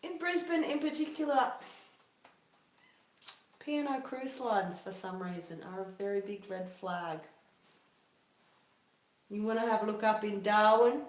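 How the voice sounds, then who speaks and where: A woman's voice: mid-range voice, reverberant. A woman talking through a casual livestream monologue in a musing, loosely paced way. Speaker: livestream host.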